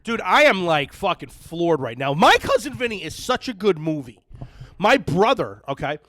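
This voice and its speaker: A man hosting a podcast, loud, excitable and cursing freely in casual chat. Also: high-pitched, normal speed, no echo, studio quality. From New Jersey. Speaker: podcast host.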